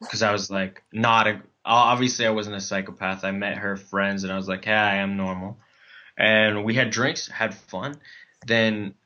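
A man's voice: lowish voice, bright, forceful tone, muffled recording. A man telling a comic dating story in casual chat, rambling with many fillers and restarts.

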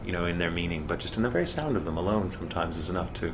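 A man with a very low, deep voice talks in relaxed conversation, choosing his words with a slightly theatrical flourish and leaning on easy fillers. Steady background noise sits under his voice throughout. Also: very fast. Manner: articulate, slightly theatrical phrasing, many "you know" fillers. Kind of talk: casual conversation.

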